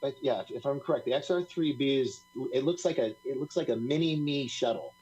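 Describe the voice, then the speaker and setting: A man's voice: medium pitch, a little fast, darkish tone, breathy edge, poor audio. A man talking as a guest on a live talk stream, rambling through stories, laughing often and acting out what other people said.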